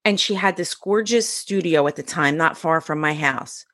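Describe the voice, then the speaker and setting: A middle-aged woman, a podcast guest, telling her story in a casual, animated way and acting out the voices of people she quotes. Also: low-pitched, normal speed. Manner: animated, acts out quoted dialogue.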